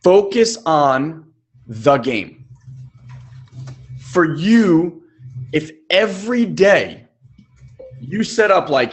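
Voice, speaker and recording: A man's voice: a little high, lively intonation, unhurried. A man coaching in a live webinar, speaking emphatically and casually, with occasional swearing. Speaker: life coach.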